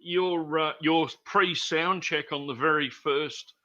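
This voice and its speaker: Host guy, super bright tone, lots of uh and um, dull call sound. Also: a little high, fairly even intonation, slow pace. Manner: hesitant, many fillers and restarts. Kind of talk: casual chat on a video call.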